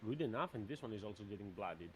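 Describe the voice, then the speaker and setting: A man running a tabletop role-playing game as game master, narrating the action in a relaxed, brisk way. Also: fairly low pitch, slight background noise.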